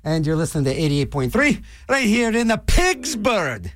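A man's voice: fairly high pitch, sing-song, normal speed, no room sound. A middle-aged man talking as a college radio DJ, rambling in a manic, jokey way with lots of fillers. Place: radio studio.

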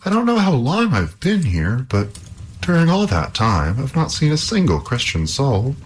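A frightened young princess pleads in a thin, high voice that swings widely up and down, as a deep-voiced male storyteller puts her on. Her worried, anxious manner carries through a storybook reading. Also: huge pitch swings, moderate pace, slight background noise. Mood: alarmed.

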